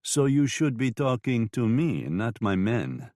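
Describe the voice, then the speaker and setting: A man voicing a sly, mocking saloon madam with a French accent in an audiobook, speaking slowly and smoothly. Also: medium pitch, very animated, a little mellow, no room sound, studio quality. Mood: taunting. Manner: smooth, taunting, slow and drawn-out. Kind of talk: audiobook character voice.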